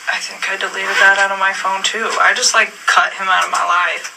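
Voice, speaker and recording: A woman's voice: medium pitch, little pitch movement, fairly quick, creaky, sharp tone. A woman answering questions in a police interview room, telling her story hesitantly with many fillers and restarts. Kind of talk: police interview, recounting events. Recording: distant room recording with faint noise.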